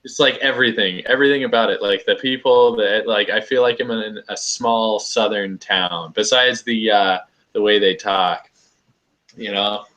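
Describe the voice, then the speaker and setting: A man's voice: on the low side, fairly even intonation, moderate pace, a bit bright, muffled recording. A young man chatting casually on a video call, laid-back and rambling, filling his talk with "like" and laughing easily. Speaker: host.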